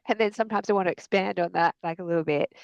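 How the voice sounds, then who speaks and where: A woman author speaks as a podcast guest, her low voice full of creaky fry. She talks hesitantly, filling her thoughts with fillers. The recording is dry with no room sound. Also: quick pace, no echo, muffled recording. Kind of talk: casual faith conversation.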